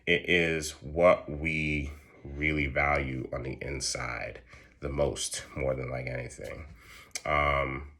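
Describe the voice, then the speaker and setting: A man's voice: very deep voice, slow pace. A man giving a casual astrology chart reading, profane and slangy. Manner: profane, slangy, animated storytelling. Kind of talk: casual solo explainer.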